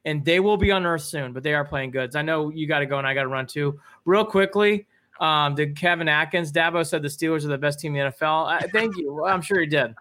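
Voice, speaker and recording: Male co-host, higher bright voice, lively pitch, enthusiastic and rambling. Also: quick pace. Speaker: podcast co-host. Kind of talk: casual sports chat.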